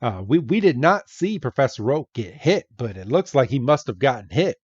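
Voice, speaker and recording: A man's voice: mid-range voice, big pitch swings, breathy edge, dry recording, lo-fi sound. A man hosting a podcast, recapping a comic aloud in a chatty way and correcting himself as he goes. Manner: slow, chatty, self-correcting. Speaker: podcast host.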